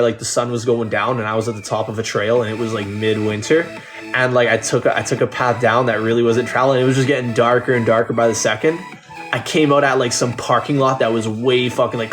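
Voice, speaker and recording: A Canadian man with a Canadian accent, chatting casually on a livestream and reading out his chat, loose and profane with many restarts. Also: medium pitch. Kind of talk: casual live-stream chat.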